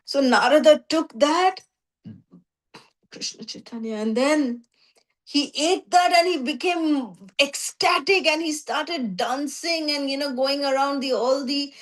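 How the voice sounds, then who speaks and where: A woman with a high voice teaching a scripture story class. She narrates animatedly, slipping into voices and leaning on 'you know'. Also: measured pace. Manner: frequent 'you know' fillers.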